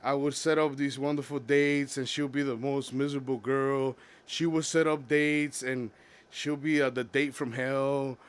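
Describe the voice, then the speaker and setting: A young man talking about his past in a personal confessional vlog, halting and full of restarts. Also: mid-range voice, steady tone, smooth. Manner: halting, many restarts and fillers. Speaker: vlogger.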